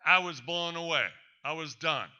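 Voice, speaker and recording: Bright, emphatic man telling a story. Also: on the high side, moderate pace, highs cut off. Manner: emphatic and defiant, addresses doubters directly. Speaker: presenter giving a talk. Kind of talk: storytelling talk to an audience.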